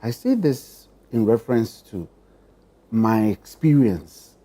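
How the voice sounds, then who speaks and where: Husky, dark-voiced panelist. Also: male voice, on the low side, expressive. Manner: measured, formal phrasing, deliberate pauses. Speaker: political panelist. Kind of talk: panel discussion.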